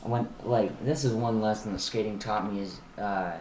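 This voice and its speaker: A man's voice: on the low side, fairly even intonation, normal speed, a little mellow. A young man with a mid-range voice, telling stories with lots of energy and swearing casually. He acts out the people in his stories as he goes. The recording has a roomy echo and a faint hiss behind the voice. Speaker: podcast co-host. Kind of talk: casual chat. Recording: echoey room, faint room noise.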